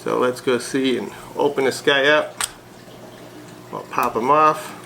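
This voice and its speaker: A man's voice: mid-range voice, a little slow, creaky, a little hiss or hum, rough recording. Chatty man unboxing a pen. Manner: chatty, relaxed, with frequent "uh" fillers. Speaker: pen reviewer vlogger. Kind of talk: casual unboxing chat.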